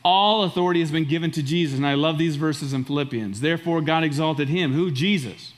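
A man's voice: a little high, fairly quick. A middle-aged male pastor preaching a sermon, emphatic and repeating key phrases for stress.

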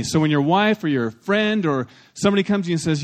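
A man preaching a sermon in a fairly high voice. He swings between loud, emphatic lines and soft asides. He talks plainly and bluntly and gets the congregation to repeat phrases after him. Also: quick pace, hardly any pauses. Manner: plain-spoken, with blunt humor. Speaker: pastor.

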